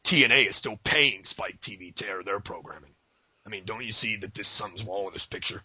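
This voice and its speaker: Deep-voiced ranting man, podcast host. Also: a little fast, bright, forceful tone, husky, no room sound. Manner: ranting, jokey, slips into a high announcer voice for quotes. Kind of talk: casual interview chat. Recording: dull lo-fi audio.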